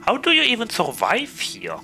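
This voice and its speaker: A man speaks in character during a tabletop session, chatty with little hesitations. His voice is very bright and swings widely in pitch. Faint music plays underneath. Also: wildly swooping pitch, normal speed. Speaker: player. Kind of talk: tabletop role-play in character.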